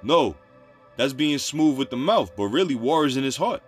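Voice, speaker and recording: Man, scripture-study sermon, emphatic, repetitive, informal phrasing, mid pitch, faint background music. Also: expressive, moderate pace. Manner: emphatic, repeats points, informal street phrasing between readings. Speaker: preacher teaching scripture. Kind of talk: scripture-study sermon, reading verses and explaining.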